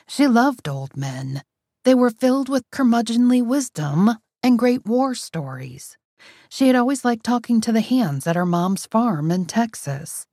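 Woman narrator, mid pitch, animated and wry, dry studio read. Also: dry recording. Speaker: audiobook narrator. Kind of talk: scripted narration.

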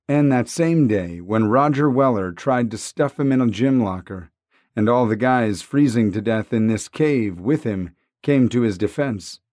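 A man's voice: mid-range voice, a little mellow, no echo, studio quality. A man narrating a novel in a wry, conversational tone. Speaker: audiobook narrator. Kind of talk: scripted narration.

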